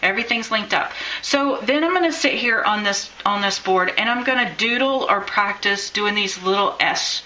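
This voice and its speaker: A bright-voiced woman teaches a live craft lesson, talking casually and encouragingly as she demonstrates. The room is echoey, with faint ambience behind her. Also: medium pitch, moderate pace, few pauses, slight background noise. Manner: chatty, encouraging, thinks aloud while drawing.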